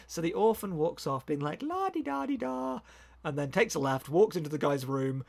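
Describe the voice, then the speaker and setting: A man's voice: fairly high pitch, lively intonation, brisk. A man co-hosting a podcast, rambling enthusiastically through a casual chat and often correcting himself mid-sentence. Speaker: podcast co-host.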